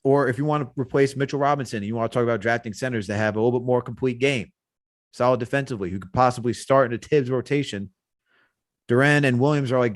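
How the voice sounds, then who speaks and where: A male podcast co-host, talking sports in a casual, animated, rambling way. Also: dry recording, clean studio sound. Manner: animated, rambling, jumps in pitch when excited.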